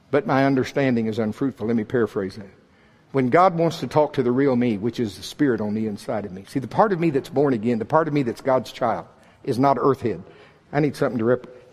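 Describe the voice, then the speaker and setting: During a church service, a male preacher gives an animated, joking sermon, swinging from loud to soft. His voice is medium in pitch.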